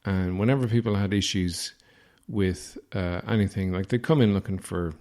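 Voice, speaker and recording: A man's voice: sits low, normal speed, a little mellow. Rambling Irish man telling a comic story. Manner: rambling, self-deprecating, crude. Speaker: podcast host.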